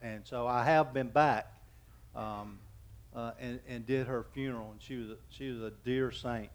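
A man's voice: medium pitch, fairly even intonation. A man in his fifties preaching a sermon as pastor, telling folksy, joking anecdotes and often stopping to restart his sentences. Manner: halting, with frequent restarts.

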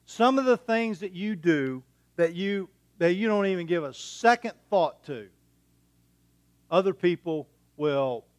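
A man's voice: sits high, animated, unhurried, dry recording. A middle-aged man preaching a sermon as a pastor, in a folksy, conversational way with homespun humour and rhetorical questions.

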